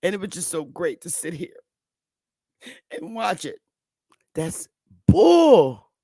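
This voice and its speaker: A man's voice: high-pitched, lively intonation, a little slow, gravelly, slightly rough, no room sound, clean studio sound. A man hosting his own online show, ranting casually to viewers in a loose, mocking, slangy way, full of asides and restarts.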